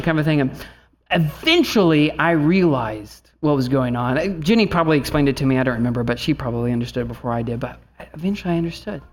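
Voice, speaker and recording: A man's voice: fairly high pitch, animated, fast talker. A man in his thirties, a pastor preaching an earnest sermon and telling a family story, rising at times to fervent appeals.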